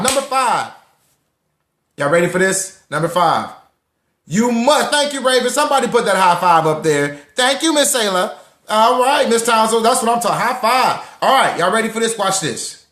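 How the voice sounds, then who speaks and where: Animated man hyping a live audience. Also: high voice, roomy sound. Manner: animated, preachy, repeats lines for emphasis, greets listeners by name. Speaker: host of a live social audio room on personal finance. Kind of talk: lively casual talk to a live audience.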